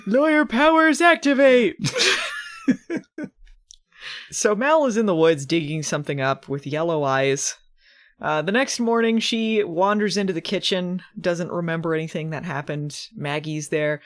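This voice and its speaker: A woman's voice: low voice, expressive, a little slow. A woman hosting a podcast, recapping a TV episode in casual chat with a wry, sarcastic manner, acting out the characters' lines.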